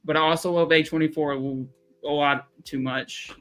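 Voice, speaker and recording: A man's voice: a little high, fairly even intonation, a little fast, fairly bright tone, faint music behind. A young man with a Southern accent, chatting casually and joking about himself as a podcast co-host. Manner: rambling, self-deprecating, joking. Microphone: streaming call mic.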